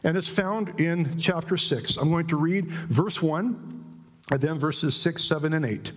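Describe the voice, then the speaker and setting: A man's voice: on the high side, unhurried. Emphatic man preaching a sermon. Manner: emphatic, animated, asks the congregation questions. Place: church.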